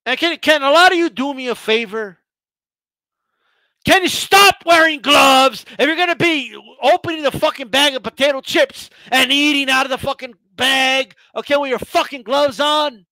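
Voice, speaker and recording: A man with a very high, bright, sharp-edged voice, ranting with heavy profanity. He stammers and restarts his sentences as he fires up, and the recording is close and dry. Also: normal speed, no room sound. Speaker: boxing channel host. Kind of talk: profane casual rant.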